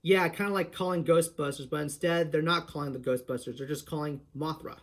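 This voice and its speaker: Guy doing a voice impression tutorial, kinda high voice, chatty, lots of restarts. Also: steady tone, brisk. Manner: restarts often, chatty, explains step by step. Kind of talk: casual tutorial talk.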